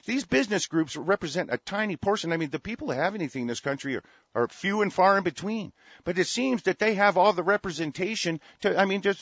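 A man with a higher-than-usual voice hosts a talk radio show, ranting angrily with plenty of profanity. His delivery jumps between loud outbursts and low grumbling. The recording is dry and dull, with a lo-fi radio sound. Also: animated, quick pace, dry recording. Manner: angry, profane, swings between shouting and muttering.

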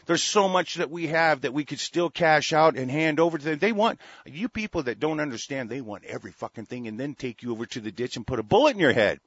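Fast and expressive, with a husky, fairly bright voice on the high side, a male show host tears through an angry political tirade with hardly any pauses. He curses often and keeps restarting sentences, captured in a dull lo-fi dry recording with no room sound.

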